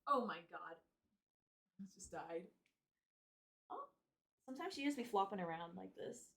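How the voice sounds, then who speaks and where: A woman's voice: medium pitch, sing-song, measured pace, a bit bright, distant mic. A young woman streaming from her room at home, chatting casually, mocking herself and swearing a lot. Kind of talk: casual live-stream chat. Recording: roomy sound, voice off-mic at times.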